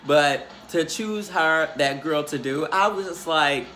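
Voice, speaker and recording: A man hosting a casual reality show recap, gossiping in a sassy, animated, profane way. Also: a little high, a little slow, few pauses.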